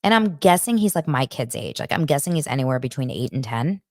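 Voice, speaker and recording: A woman in her thirties hosting a casual gossip podcast, chatty and animated, acting out the quotes she retells. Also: extremely low pitch, a little fast, no room sound, clean studio sound. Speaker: podcast host.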